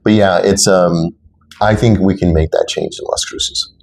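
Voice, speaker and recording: Deep-voiced earnest man telling his story. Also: wildly swooping pitch, normal speed, slight background noise. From Texas. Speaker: city council candidate. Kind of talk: interview conversation.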